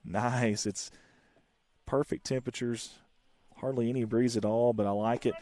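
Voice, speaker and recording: Guy doing play-by-play at a small-town ballgame, folksy, gets loud on close plays. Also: mid-range voice, measured pace, pauses often. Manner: folksy one-man commentary, excited calls. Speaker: play-by-play announcer. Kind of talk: live high school baseball commentary.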